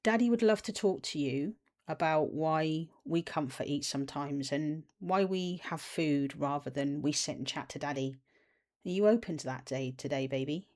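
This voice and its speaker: A woman's voice: low voice, darkish tone, lightly acted. Woman speaking as a tender parent figure. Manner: tender, soothing, slow reassurance. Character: gentle loving parent voice, calling itself Daddy.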